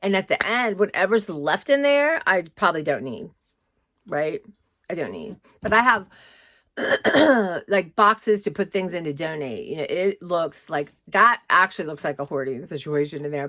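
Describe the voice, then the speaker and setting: A woman's voice: on the low side, fairly bright tone, no room sound. A woman vlogging casually from her home, chatty and rambling, often saying "y'all". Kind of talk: casual chat. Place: home, indoors.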